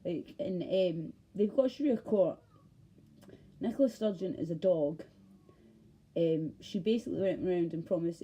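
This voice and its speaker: Glaswegian woman vlogger with a mellow, husky voice; passionate, sweary rambling rant. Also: on the low side, normal speed, rough recording. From Scotland. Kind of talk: ranting monologue.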